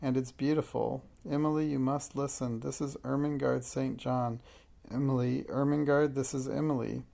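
Brief: earnest storybook schoolgirl, confiding and calm, read by a man with a gravelly voice. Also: medium pitch, moderate pace, natural voice. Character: thoughtful, imaginative young schoolgirl.

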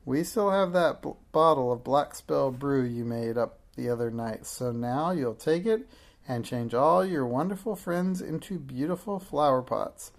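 A storyteller voicing a cruel, bossy old witch who screeches her threats in a shrill voice. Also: expressive, unhurried. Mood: shrieking. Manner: snapping threats, high cackling tone.

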